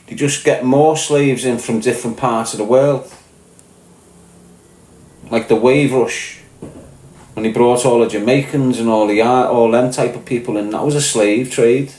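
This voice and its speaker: A man's voice: medium pitch, steady tone, measured pace, a little mellow, echoey room, rough recording. A man with a Scouse accent, a podcast guest talking in a blunt, profane rant and repeating his points. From Liverpool, England. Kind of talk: ranting conversational monologue.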